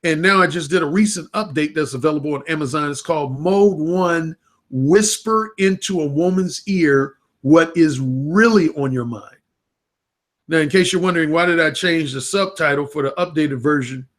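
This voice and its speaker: A man with a somewhat raised pitch talks straight into a webcam on a livestream. His manner is casual and unfiltered. He drops profanity freely as he speaks. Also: moderate pace. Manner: frank, unfiltered, profane talk. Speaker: dating coach and author.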